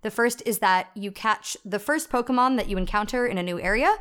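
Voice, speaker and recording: A woman's voice: medium pitch, fairly quick, a bit bright, clear, resonant tone. A young woman co-hosting a casual chat podcast, explaining things with lots of asides and laughing often. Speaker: podcast co-host. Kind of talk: casual chat about fan fiction.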